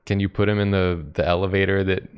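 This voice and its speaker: A man co-hosting a casual stream, making deadpan jokes. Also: low-pitched, quick pace, clean tone, lo-fi sound. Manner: deadpan joking. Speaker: stream co-host. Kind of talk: casual chat.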